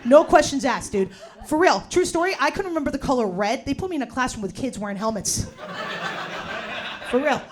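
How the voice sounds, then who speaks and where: A woman in her forties doing a stand-up set in a bar, ranting loudly and profanely with slangy fillers. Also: sits high, lively intonation, brisk. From New Jersey. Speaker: stand-up comedian. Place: bar in front of a live audience. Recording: live crowd laughing in a bar. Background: audience laughter.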